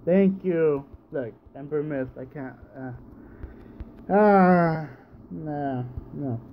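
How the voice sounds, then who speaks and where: A let's play gamer records casual gameplay commentary on a home setup, his voice a little high and very slow. He sounds sleepy, yawns, groans in frustration at misses, and repeats himself. The recording is muffled, with a little hiss or hum.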